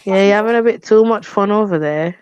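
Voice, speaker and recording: A woman with a West Midlands accent, bantering on a live panel, blunt and quick to swear and argue back. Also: mid-range voice, lo-fi sound, a crowd in the background. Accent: West Midlands English.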